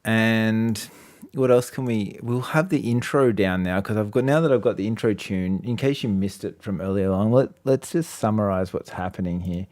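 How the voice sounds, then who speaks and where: Rambling and laughing often, a man co-hosts a casual podcast chat, packing his speech with fillers. His voice is fairly low and darkish, his pace moderate, and the studio-quality recording has no room sound.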